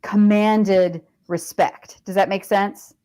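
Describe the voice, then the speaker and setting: A middle-aged veteran and author, guesting on a podcast, tells personal stories in a chatty, wandering way, full of fillers and laughter. Her medium-pitched voice is dark in tone, fairly even, and slow. The recording quality is low.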